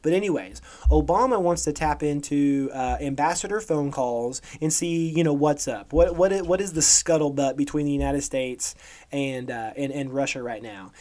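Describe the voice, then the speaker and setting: A man's voice: on the high side, normal speed, dark tone. A man co-hosting a podcast, ranting about current events in a sarcastic, emphatic way and often tagging on "okay?". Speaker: podcast co-host. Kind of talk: opinionated current-events rant.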